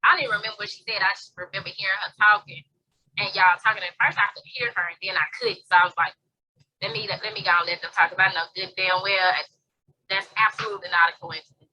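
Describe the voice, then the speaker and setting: A woman's voice: medium pitch, fairly even intonation, fast, pushed and bright, muffled recording. A woman co-hosting a tarot review, chatting casually at home, laughing often and swearing offhand. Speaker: tarot reader co-host. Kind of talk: casual chat. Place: home near an airport.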